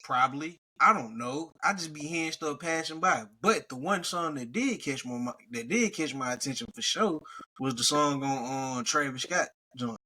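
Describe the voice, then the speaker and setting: A man's voice: a little high, normal speed, pushed and bright, breathy edge. A man co-hosting a podcast, talking casually and loosely about music, often stopping and restarting. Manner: laid-back, hesitant with restarts and slang. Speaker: podcast co-host. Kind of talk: casual chat.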